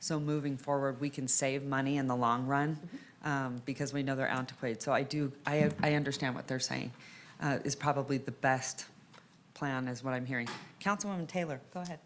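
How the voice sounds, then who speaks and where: Low-voiced woman mayor, chatty. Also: steady tone, a little fast, a little hiss or hum. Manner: conversational, jokey, thinks aloud. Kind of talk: council meeting chairing.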